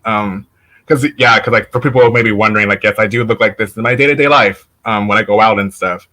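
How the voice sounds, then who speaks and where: A man's voice: lowish voice, fairly even intonation, a little fast, sharp tone. A man talking as a guest on a casual show, telling stories loosely with many fillers. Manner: chatty, lots of "like", laughs while telling stories. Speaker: podcast guest. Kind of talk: casual conversation.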